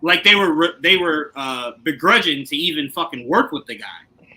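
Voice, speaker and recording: A man's voice: a little high, moderate pace, poor audio. A man co-hosting a podcast, chatting casually about a TV show, laughing often and acting out scenes. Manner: animated, laughs often, acts out scenes in put-on voices. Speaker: podcast co-host.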